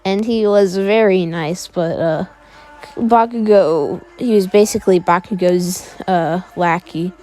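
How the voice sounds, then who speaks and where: A woman tells a fan story in a casual, rambling way, full of fillers. She speaks slowly with a mellow tone. Faint music plays beneath her voice. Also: on the low side. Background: faint background music.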